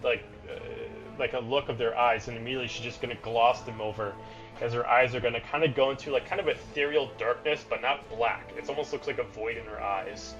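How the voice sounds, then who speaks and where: A man's voice: medium pitch, steady tone, brisk, fairly bright tone, highs cut off, soft background music. Rambling male game master. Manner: loose, rambling description with many fillers. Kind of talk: narrating a tabletop game.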